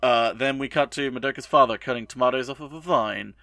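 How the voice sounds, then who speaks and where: A young man co-hosting a podcast, recapping an anime episode in a rambling, profane way and tossing in quick bits of mock dialogue. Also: mid-range voice, sharp tone, no room sound. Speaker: podcast co-host.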